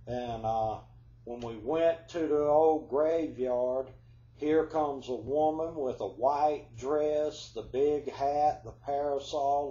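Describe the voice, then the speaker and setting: Man, folksy drawl, slow, stuffed-up voice, mellow tone, dull echoey home recording. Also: mid-range voice. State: congested, flu-like voice. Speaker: storyteller. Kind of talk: casual ghost storytelling.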